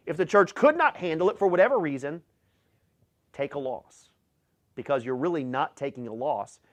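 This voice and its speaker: A man's voice: medium pitch, dry recording, clean studio sound. Emphatic man preaching a sermon. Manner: emphatic preaching, reads scripture aloud with rising force. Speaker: pastor.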